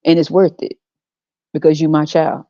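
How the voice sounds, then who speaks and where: A brash, mocking God, put on by a woman taunts in swaggering slang. The voice sits low and mellow. It is captured on a dull, dry lo-fi home recording with no room sound. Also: flat delivery, normal speed, dry recording. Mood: taunting. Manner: swaggering slangy trash talk, teasing and blunt. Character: brash, mocking male God sending a soul to earth. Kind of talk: comedic podcast skit.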